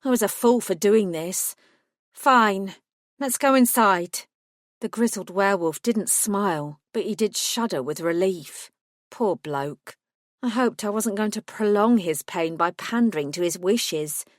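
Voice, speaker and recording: A woman's voice: medium pitch, a little slow, a little mellow, no room sound. Woman narrating an audiobook, dry studio sound. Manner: reads in first person, voices characters with small shifts.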